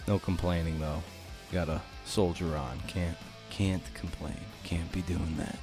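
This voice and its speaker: A tired male podcast host with a deep, low voice speaks in a relaxed, hushed morning tone. Plucked guitar music plays clearly behind him. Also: a little slow. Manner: laid-back, tired, slightly husky morning voice. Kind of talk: casual interview chat and outro.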